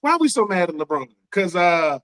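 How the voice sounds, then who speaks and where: A man's voice: high voice, sing-song, brisk, fairly bright tone, no room sound, low-quality recording. A man with an Atlanta accent co-hosting a sports podcast, talking in a loose, conversational way and repeating his points. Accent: Atlanta, Southern US. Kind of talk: casual sports talk.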